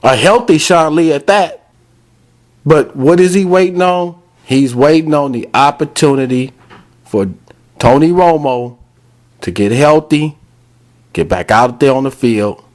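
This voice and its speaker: Male podcast host, higher-pitched voice; fired-up, blunt sports rant aimed at the listeners. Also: measured pace, long pauses. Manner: fired-up, addresses fans directly; blunt, repetitive scolding.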